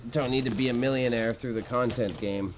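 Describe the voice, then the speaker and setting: A man's voice: mid-range voice, steady tone, brisk, rough recording. Casual Canadian male streamer, young, slangy and laid-back, faint room hum behind. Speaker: livestreamer. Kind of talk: casual livestream chat while sorting jewelry.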